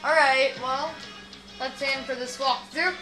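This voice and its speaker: A woman with a high voice gives playful, sarcastic commentary while she plays through a video game. Game music runs clearly behind her, and her voice has a roomy echo. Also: fairly even intonation, measured pace. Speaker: gamer doing a walkthrough. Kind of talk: casual game commentary, reading dialogue aloud.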